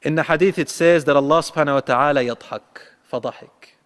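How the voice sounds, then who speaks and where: A man preaching a sermon, telling a story and acting out its dialogue with a rising voice, reciting prayers quickly. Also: fairly high pitch, a bit bright. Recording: long hall reverb.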